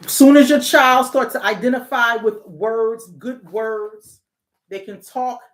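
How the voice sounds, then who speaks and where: A woman's voice: a little high, slow pace. Middle-aged woman host, therapist, AAVE speech, conversational, restarts and rhetorical questions, roomy echoing sound. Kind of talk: casual talk on parenting and emotions. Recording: echoey room.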